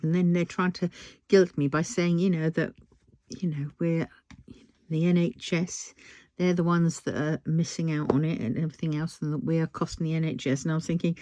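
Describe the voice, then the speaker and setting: A British crafting vlogger chats casually while diamond painting, breaking into heated, profanity-laden rants. Her pitch rises and falls lively when she gets worked up, at a normal speed with no room sound.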